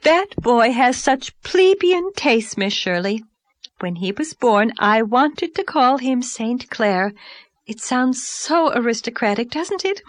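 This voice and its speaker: A woman voicing a pompous, overdressed middle-aged society lady, speaking in an affected, haughty, drawn-out way. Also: fairly high pitch, dry recording.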